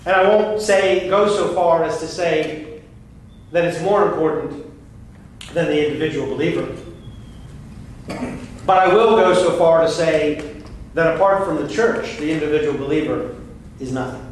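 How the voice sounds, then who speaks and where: A man's voice: fairly high pitch, normal speed, long pauses. A man, a pastor, preaching an earnest, emphatic sermon with frequent restarts. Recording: very echoey room, voice far from the mic, faint noise.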